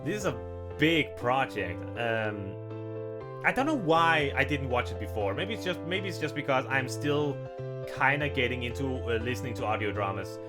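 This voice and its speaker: A man's voice: medium pitch, lively intonation, normal speed. A man giving casual blind reaction commentary on an audio drama as a video plays. He rambles, restarts his sentences and laughs often. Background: music from the video.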